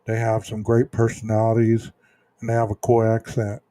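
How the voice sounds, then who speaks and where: A man hosting a true crime livestream, chatting casually with viewers in a slow, rambling way full of ums and restarts. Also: lowish voice, completely flat delivery, dark tone, no echo. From Texas. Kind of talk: casual livestream chat reading viewer comments.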